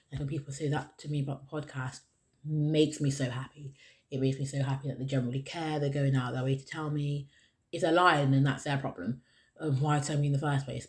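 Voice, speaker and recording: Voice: medium pitch, darkish tone. A podcast host talking alone, earnest and encouraging, who keeps repeating the key phrases to stress a point. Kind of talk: solo podcast monologue.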